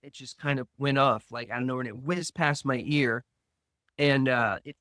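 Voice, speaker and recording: Man, podcast guest, storytelling, quoted dialogue, middle pitch, dry close mic. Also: normal speed, bright, forceful tone, no echo. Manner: tells past events in present tense with quoted dialogue. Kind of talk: storytelling about addiction.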